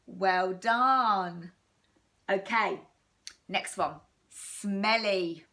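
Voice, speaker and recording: English woman, primary phonics teacher, very slow, sing-song and encouraging, mid-pitched. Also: expressive, a bit bright. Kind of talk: recorded phonics lesson for young children.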